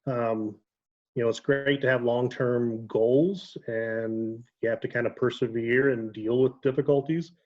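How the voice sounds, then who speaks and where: A man's voice: medium pitch, unhurried. Man from Ohio chatting on a dull video call. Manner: relaxed storytelling with frequent ums and self-corrections. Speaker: guest. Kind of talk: casual video-call chat.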